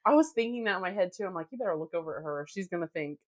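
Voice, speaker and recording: A woman co-hosting a podcast in casual chat, reacting quickly and laughing often. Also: on the low side, expressive. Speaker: podcast co-host.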